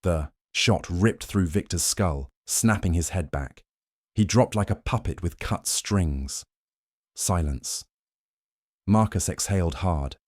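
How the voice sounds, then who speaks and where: A man giving tense, measured scripted narration of a detective thriller. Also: sits low, no echo, studio quality.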